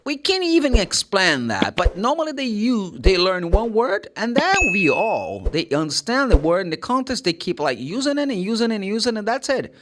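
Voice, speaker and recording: A man's voice: sits high, wildly swooping pitch, normal speed, few pauses, a bit bright. A man with a Brazilian Portuguese accent teaching English pronunciation in a chatty, jokey way, repeating phrases and laughing at himself. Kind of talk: casual online pronunciation lesson.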